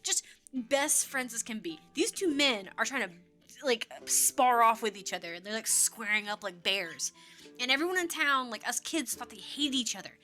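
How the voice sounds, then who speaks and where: A young woman with a Midwestern American accent chats while she plays a game, drifting through stories and breaking into giggles. Her voice sits high and sounds bright and clear. Soft game music plays underneath. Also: lively intonation, normal speed. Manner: rambling, giggly, quotes people in character. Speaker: gaming streamer. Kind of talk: casual storytelling while playing.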